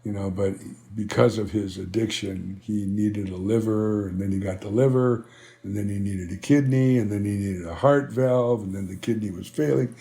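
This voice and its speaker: A man's voice: fairly low pitch, fairly even intonation, normal speed, creaky, warm tone. An older man telling stories as an interview guest, rambling and filling with "you know" as he acts out old conversations. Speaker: interview guest, band founder. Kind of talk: conversational storytelling.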